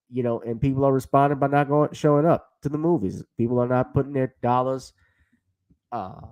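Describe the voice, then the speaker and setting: A man's voice: medium pitch, warm tone, low-quality recording. A man hosting a casual commentary stream, rambling conversationally and addressing viewers by name. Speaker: host.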